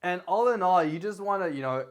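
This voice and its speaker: A man's voice: sits high, a little fast. A young man casually giving tips to the camera in a rambling, self-correcting way, gesturing with his hands as his volume rises and falls. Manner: rambling, self-correcting, lively delivery with varied loudness. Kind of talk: casual talking-head advice vlog. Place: indoor room, recording himself. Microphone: camera facing him.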